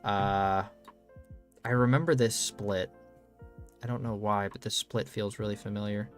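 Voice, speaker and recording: A man's voice: on the low side, fairly even intonation, a little slow, faint music behind. Rambling young man telling stories. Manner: rambling, loose, swears freely, many ums. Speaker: streamer. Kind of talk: casual storytelling stream.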